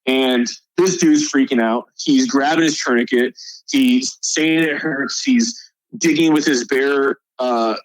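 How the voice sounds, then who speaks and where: A man's voice: mid-range voice, takes it slowly, no echo, rough recording. A male soldier guest on a podcast, telling a combat story in a casual, profane way.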